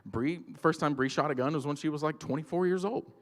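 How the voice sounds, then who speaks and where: A man's voice: fairly high pitch, fairly quick. Man preaching in a reverberant hall. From Georgia, US. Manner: casual, storytelling, filler-heavy. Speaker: pastor. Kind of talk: sermon. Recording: long church-hall reverb.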